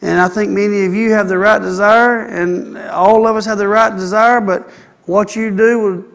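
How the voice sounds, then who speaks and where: A man preaching a sermon, animated and acting out the people he quotes. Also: high voice, moderate pace, creaky, long reverb tail. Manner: animated, acts out quoted people, calls for amen.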